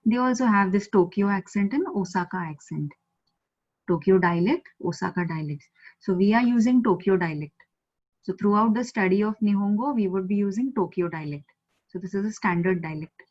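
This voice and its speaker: Indian woman, patient teacher, mid pitch, repeats each word slowly, video call audio a bit dull. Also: a little mellow. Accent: Indian English. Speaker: Japanese language teacher. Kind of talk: online language lesson.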